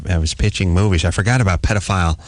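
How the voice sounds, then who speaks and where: A man's voice: racing, no echo. A man hosting a comic talk radio show, riffing and joking with a guest. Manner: joking, riffing, mock high voice for quotes. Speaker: radio host.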